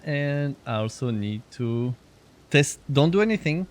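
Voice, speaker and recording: A man's voice: medium pitch, sing-song, moderate pace, slight background noise. A man streaming a video game, chatting casually with viewers, reading their comments and laughing often. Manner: chatty, laughs often, reads chat aloud.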